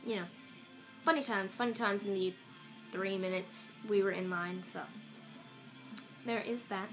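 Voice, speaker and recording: A woman's voice: mid-range voice, a little slow, long pauses, low-quality recording. A young woman rambling casually through a haul video, recorded on an iPad. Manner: rambling and offhand, with fillers. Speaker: vlogger. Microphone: iPad camera. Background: faint music from a radio.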